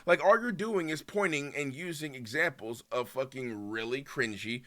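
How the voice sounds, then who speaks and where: Heated, bright-voiced streamer ranting. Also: male voice, mid-range voice, normal speed. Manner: heated, swears a lot, swings between loud outbursts and muttering. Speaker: streamer reacting to a video. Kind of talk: casual ranting commentary.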